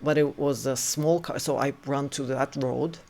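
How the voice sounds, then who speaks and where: A man recounting a personal story in a loose, casual way, full of fillers, and acting out what people said. His mid-range voice has a gravelly edge. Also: mid-range voice, steady tone, normal speed, darkish tone. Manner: filler-heavy, acts out quotes. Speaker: storyteller host.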